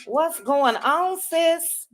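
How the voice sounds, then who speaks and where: A woman hosting a livestream, greeting viewers by name in a casual chat with drawn-out, chatty greetings. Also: very high-pitched, animated, faint music behind. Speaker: livestream host.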